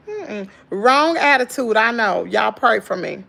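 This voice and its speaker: A tired woman in her thirties with a Southern US accent, venting in casual chat to her viewers, swinging from loud exclaims to low muttering. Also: very animated, unhurried, creaky. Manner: folksy slangy talk, addresses viewers as y'all. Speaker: channel host.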